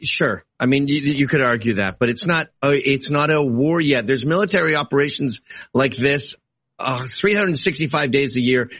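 A man arguing his side in a heated political debate, animated and argumentative, swinging between casual asides and sudden exclamations. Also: mid-range voice, normal speed, no room sound. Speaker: political guest.

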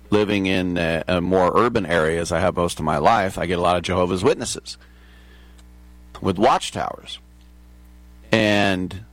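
Deep-voiced man rambling on air. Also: no echo. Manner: chatty, digressive, laughs at his own asides. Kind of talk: casual rambling monologue.

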